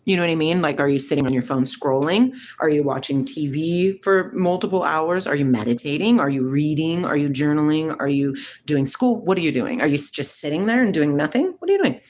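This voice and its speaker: A middle-aged woman hosting a live stream, chatting casually with viewers and asking rapid, rambling questions. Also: deep voice, darkish tone, slight background noise. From United States. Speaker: livestream host. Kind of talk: casual live chat answering viewer comments.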